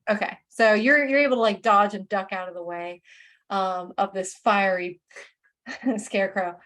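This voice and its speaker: A woman's voice: medium pitch, moderate pace, fairly bright tone. A woman narrating as game master of a tabletop game, talking loosely with many fillers. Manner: rambling, filler-heavy narration. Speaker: dungeon master.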